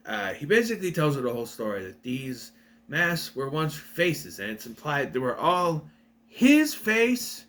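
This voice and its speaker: Bright, animated young man recapping a plot. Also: on the high side, unhurried. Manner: rambling, self-correcting. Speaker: video reviewer. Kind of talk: casual plot recap review.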